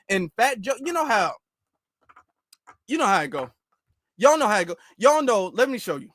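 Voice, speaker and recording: A man hosts a commentary rant, repeating himself as he spins long, animated stories. His voice is fairly high, recorded close and completely dry. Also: normal speed, long pauses, dry recording. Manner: animated, repetitive, storytelling. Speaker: commentary channel host. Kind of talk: ranting commentary.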